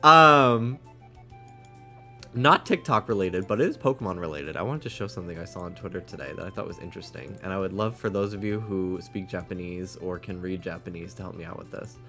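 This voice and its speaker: A man's voice: low voice, quick pace, few pauses, fairly bright tone, faint music behind. A man streaming live, chatting casually and jokingly reading viewers' messages aloud. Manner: chatty, jokey, reads chat aloud.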